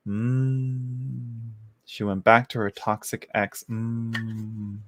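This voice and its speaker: A man hosting a live tarot reading, talking to viewers in a loose, chatty way. He giggles often and keeps trailing off mid-sentence and starting again. His voice sits at an everyday middle pitch and sounds dry and close, with no room around it. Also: flat delivery, drawn-out words, no echo. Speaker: tarot reader answering viewers. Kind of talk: casual live-stream chat.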